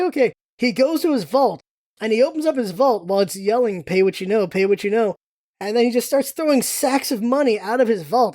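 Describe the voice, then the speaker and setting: Female podcast host, casual animated episode recap, higher voice with a warm mellow tone. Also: no echo, studio quality. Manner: animated, quotes characters in a light put-on voice.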